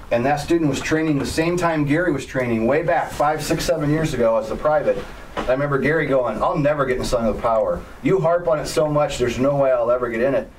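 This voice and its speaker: A man who teaches helicopter flying, telling stories in a plainspoken, blunt way with firm opinions. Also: medium pitch. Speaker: helicopter flight instructor. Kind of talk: casual storytelling to an online group. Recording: slightly distant mic with faint background noise.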